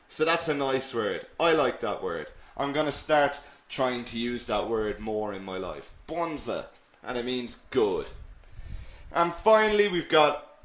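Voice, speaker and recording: Lively male English teacher, echoey room. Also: a little high. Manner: lively, animated explaining with many "okay?" checks; apologetic, self-mocking asides. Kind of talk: live online English lesson.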